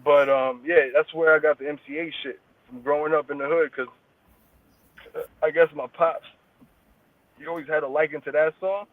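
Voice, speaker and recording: A man's voice: a little high, level tone, moderate pace, long pauses, no room sound. A man as an interview guest, talking in casual street slang with heavy swearing. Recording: tinny phone-like line, dry.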